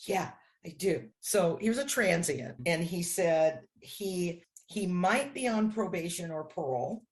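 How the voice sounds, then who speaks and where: Woman analyst guest, lowish voice, tells her story with acted-out dialogue. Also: expressive, measured pace. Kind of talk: storytelling in a podcast interview.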